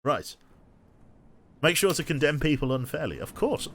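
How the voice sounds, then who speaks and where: A man's voice: on the high side, very animated, moderate pace, pauses often, slight background noise. A man streaming a game, thinking aloud and rambling to himself with many restarts. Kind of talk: casual thinking-aloud gameplay commentary.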